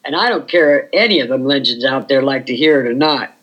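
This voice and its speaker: A woman's voice: extremely low pitch, animated, quick pace, lo-fi sound. An older woman, a former burlesque performer, reminiscing frankly in a chatty interview and often saying "you know".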